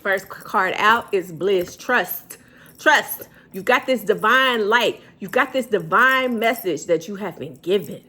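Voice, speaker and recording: A woman's voice: medium pitch, animated, unhurried, few pauses, bright, forceful tone, breathy edge. A woman giving a tarot card reading straight to camera, blunt and motherly, dishing out tough love and calling the listener baby. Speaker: tarot reader, channel host.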